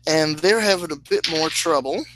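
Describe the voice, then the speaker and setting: A man narrating as game master of a tabletop game, speaking slowly with hesitant fillers and laughing at his own slips. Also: fairly high pitch, a bit bright, no room sound, poor audio. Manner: slow, hesitant, laughs at himself.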